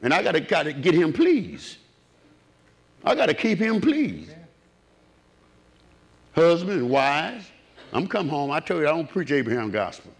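A man preaching a sermon, swinging from low, quiet murmurs up to raised cries. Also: very animated, measured pace, gravelly, pauses often.

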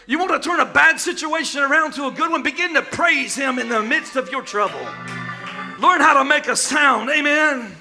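A man preaching a sermon in call-and-response style, often shouting and chanting his lines. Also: extremely high pitch, normal speed, music in the background.

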